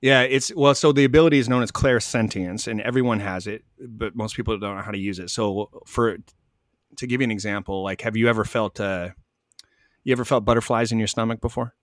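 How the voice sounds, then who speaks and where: A man calmly telling stories in an interview, acting out both sides of each conversation. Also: on the low side, fairly quick, no echo, studio quality. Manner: animated, acts out both sides of dialogue. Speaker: guest, spiritual medium. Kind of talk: conversational storytelling.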